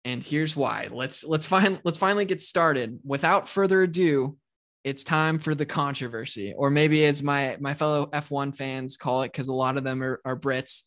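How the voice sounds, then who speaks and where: Animated ranting man on a podcast. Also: mid-range voice, moderate pace. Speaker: podcast co-host. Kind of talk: casual podcast chat.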